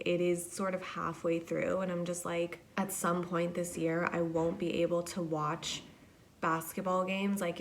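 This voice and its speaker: A young woman hosting a podcast alone, telling a story in a chatty, casual way, swearing and saying "like" a lot. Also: fairly low pitch. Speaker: podcast host.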